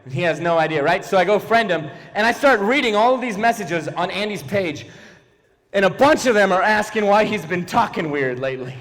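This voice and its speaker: A young man with a high, light voice doing stand-up in a church hall, animated and full of sudden character voices. His voice rings out with a long reverb trailing behind it. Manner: animated, jumps into quick silly character voices. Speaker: stand-up comedian. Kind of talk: stand-up comedy set. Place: church hall, live audience.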